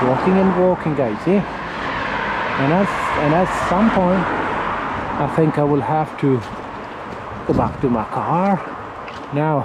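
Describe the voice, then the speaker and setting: A man casually vlogging while he walks around town, halting and searching for his words. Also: on the high side. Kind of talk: casual walking vlog talk. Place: outdoors on town streets. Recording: outdoor street with passing traffic.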